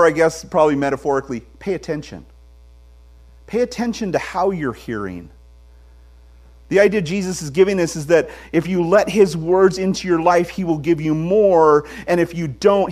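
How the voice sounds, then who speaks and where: A man's voice: a little high, normal speed. A pastor in his forties preaching a sermon to his congregation, telling stories with humor. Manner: animated storytelling with humor. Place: church sanctuary.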